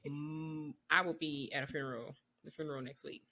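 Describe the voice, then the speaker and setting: A woman's voice: deep voice, a little fast. A woman co-hosting a faith podcast, chatting casually and laughing often. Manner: lively, laughing, Southern US slang. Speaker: podcast co-host. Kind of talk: casual chat.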